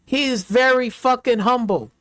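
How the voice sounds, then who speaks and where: A man's voice: very high-pitched, normal speed, fairly bright tone, dry recording. A man ranting in heated, profane slang as a reaction streamer, repeating himself and trash-talking rivals.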